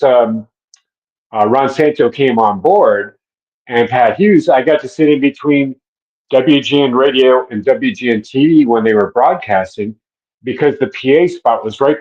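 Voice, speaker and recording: Stadium announcer, man, 50s, unhurried storyteller, mid pitch, dull audio. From Minneapolis, USA. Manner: laughs softly, relaxed storytelling with fillers. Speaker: public address announcer. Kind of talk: casual interview reminiscing.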